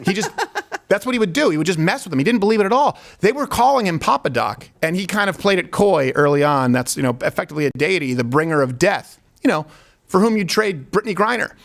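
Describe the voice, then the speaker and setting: A man's voice: sits high, sing-song, fast, vocal fry, a bit bright. A man hosting a comedic talk show, joking and rambling. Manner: joking, rambling, laughs at his own stories. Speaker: host.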